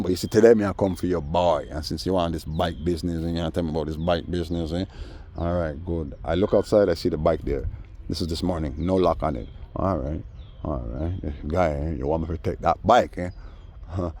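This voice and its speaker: Man, low and mellow, casual storyteller who acts out others' voices. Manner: animated, acts out voices in quoted dialogue. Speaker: vlogger.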